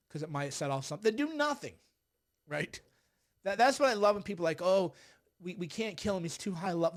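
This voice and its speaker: A middle-aged man hosting a political commentary livestream, sarcastic and exasperated, sighing often and mocking people. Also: high voice. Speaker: livestream host.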